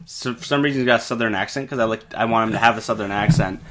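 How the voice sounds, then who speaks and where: A man's voice: fairly low pitch, very fast, a bit bright. A man co-hosting a podcast, telling a ghost story in casual chat, rambling with lots of fillers and swearing. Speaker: podcast co-host.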